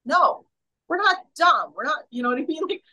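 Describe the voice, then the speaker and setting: A woman's voice: high voice, animated, moderate pace, sharp tone, rough recording. A woman, a guest in a casual interview, talking with emphatic passion and often restarting her sentences. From Canada.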